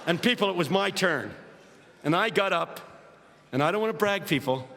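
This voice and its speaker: A man preaches with a comic storyteller's timing, and his high, sharp-edged voice swings widely as he builds toward shouting. His sermon rings out through a large hall with a long echo. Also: expressive, normal speed, gravelly. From United States, Philadelphia. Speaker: preacher and guest speaker. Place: large hall with a live audience. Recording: reverberant hall, faint ambience.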